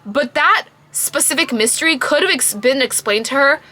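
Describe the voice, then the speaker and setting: A woman giving a casual book review to camera, emphatic and quick to laugh. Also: high voice, animated, pushed and bright.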